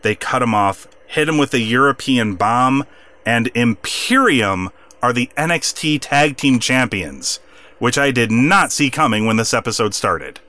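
A man's voice: mid-range voice, lively intonation, measured pace, bright, forceful tone. A man co-hosting a podcast, recapping a wrestling show in casual chat and acting out the wrestlers' lines. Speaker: podcast co-host.

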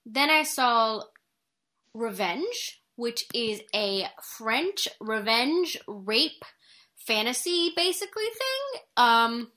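A woman's voice: a little high, very animated, slow, sharp tone. A woman co-hosting a movie podcast in casual, rambling chat, laughing often. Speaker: podcast co-host reviewing movies.

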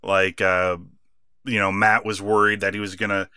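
A man co-hosting a wrestling podcast, chatting casually, laughing often and acting out quotes with animated bursts. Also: on the low side, moderate pace, clear, resonant tone, no room sound, clean studio sound. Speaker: podcast co-host.

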